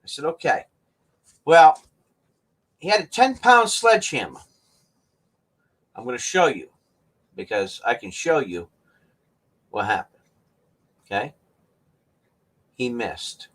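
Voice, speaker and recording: Slow-talking husky man telling stories. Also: a little high, fairly bright tone. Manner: folksy, swears and laughs often. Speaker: channel host. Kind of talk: casual storytelling to viewers.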